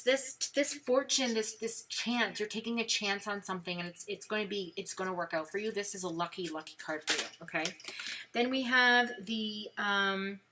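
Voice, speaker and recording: A woman with a Brooklyn accent reads tarot cards on a live stream. Her voice sits a little high, and she talks in a chatty, loose way, full of "like" and "you know.". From New York. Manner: chatty, animated, lots of fillers. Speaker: tarot reader.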